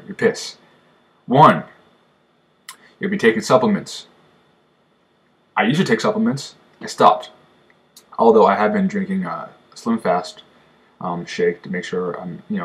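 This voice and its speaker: Low-voiced young man, rambling and profane. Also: fairly bright tone. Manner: profane, rambling, frequent restarts and fillers; acts out dialogue in quoted exchanges. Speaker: vlogger. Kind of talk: casual vlog recounting an experience.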